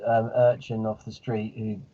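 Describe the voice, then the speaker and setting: A man playing in a tabletop game, explaining his character haltingly with many fillers. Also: lowish voice, monotone, muffled recording. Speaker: player. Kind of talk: casual chat.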